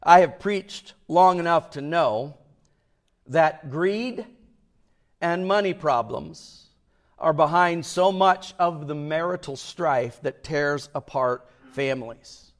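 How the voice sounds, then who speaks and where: A male pastor delivering a sermon, his voice pitched high and his words unhurried. He leans hard on key words and swings between hushed and loud. The delivery is deliberate and built for emphasis.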